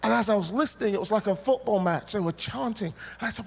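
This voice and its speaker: Preacher, male, high voice, lively storyteller, church hall with long reverb. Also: quick pace, gravelly, slightly rough. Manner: animated storytelling, acts out his own past words, bursts of shouting. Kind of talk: sermon testimony.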